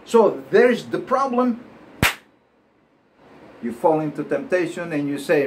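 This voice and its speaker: A man's voice: fairly high pitch, takes it slowly, pauses often, slight background noise. A man with a bilingual Spanish-English accent, hosting his show and giving a preachy motivational talk that keeps asking "right?" and breaks into laughs. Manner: animated, preachy, laughs often, asks "right?". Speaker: show host.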